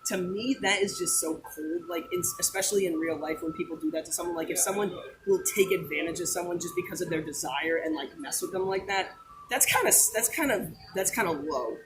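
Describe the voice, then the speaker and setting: A man's voice: high-pitched, fairly quick, background noise. A man in his twenties chatting casually at a theme park, enthusiastic and rambling. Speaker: guest, Disney fan. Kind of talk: casual chat.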